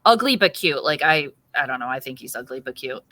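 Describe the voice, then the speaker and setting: Bright-voiced woman podcast co-host. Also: a bass voice, a little fast. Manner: animated storyteller acting out quotes. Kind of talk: casual chat.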